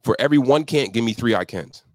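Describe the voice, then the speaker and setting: A man's voice: lively intonation, quick pace, dry recording, studio quality. A man, an accountability coach, talking on a podcast in an emphatic motivational way, acting out his inner voice. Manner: emphatic, acts out his inner voice in pitch jumps. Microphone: studio podcast microphone.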